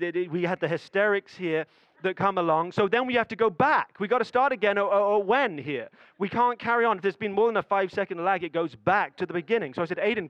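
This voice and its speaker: A man's voice: sits high, a bit bright, no echo, highs cut off. A man preaching a sermon, telling a family story with building suspense and acted-out dialogue.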